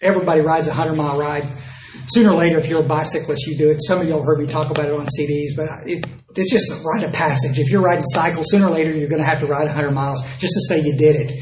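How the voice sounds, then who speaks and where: A man's voice: a little high, steady tone, rapid-fire, roomy sound, noisy background. An older man from Texas, telling folksy, self-mocking stories at a recovery dinner talk and acting out both sides of each exchange. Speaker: recovery speaker. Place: dinner event hall.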